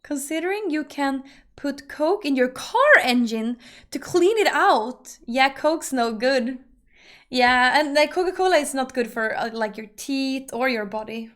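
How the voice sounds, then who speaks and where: A woman streamer chatting casually and rambling to her viewers, now and then breaking into loud laughing rants. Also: high voice, animated, a little slow.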